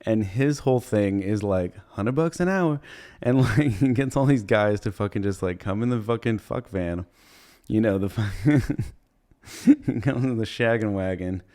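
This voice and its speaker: A young man with a lowish voice rambles through a comedic movie recap, swearing freely. He laughs at his own retelling and keeps popping into quick impressions of the characters. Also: a little mellow. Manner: rambling, profane, laughs while retelling scenes and puts on brief character voices. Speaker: comedy podcast host.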